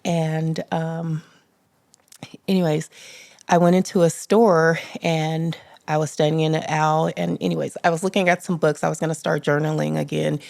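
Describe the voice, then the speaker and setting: A middle-aged woman guest on a podcast, talking earnestly and softly about grief and faith, her sentences trailing off. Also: sits low, little pitch movement, moderate pace, vocal fry, no room sound.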